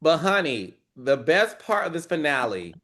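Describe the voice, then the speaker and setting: Man, chatty recap host, dramatic, slightly high voice. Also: moderate pace. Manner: animated, dramatic retellings with squealing quoted lines. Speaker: podcast host. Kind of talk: casual reality-TV recap chat.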